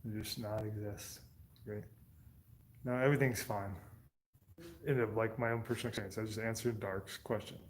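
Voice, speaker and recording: A man's voice: fairly low pitch, fairly even intonation, moderate pace, pauses often. A man livestreaming, rambling loosely and swearing as he answers his chat. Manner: profane.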